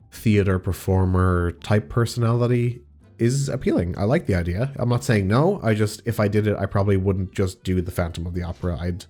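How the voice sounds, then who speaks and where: Deep-voiced young man, excitable and rambling. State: slightly congested from allergies. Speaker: audio roleplay creator. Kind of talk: casual Q&A chat.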